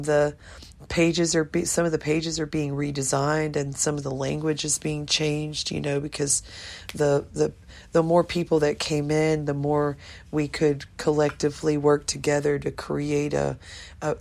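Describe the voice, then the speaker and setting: A woman's voice: low-pitched, creaky, a little mellow. An older woman talking to her viewers in a rambling, emotional monologue, swearing casually. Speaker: vlogger.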